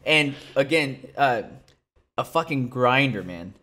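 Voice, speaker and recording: A man's voice: mid-range voice, lively intonation, slow pace, sharp tone. A young man co-hosting a fight podcast, talking in a loose, sleepy, laid-back way and swearing freely. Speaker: podcast co-host. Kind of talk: casual chat.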